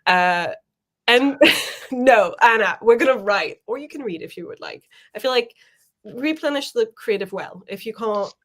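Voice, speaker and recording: A woman's voice: fairly high pitch, animated, moderate pace, fairly bright tone. A young adult woman co-hosting a livestream, chatting casually and reading out viewer comments, laughing often. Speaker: co-host of a writing sprint stream.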